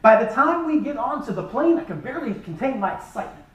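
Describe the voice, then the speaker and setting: A man delivering a funny storytelling speech with a very animated, lively pitch. He sounds a little distant, caught from across an echoey event hall. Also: fast talker. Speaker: speaker at a charity event.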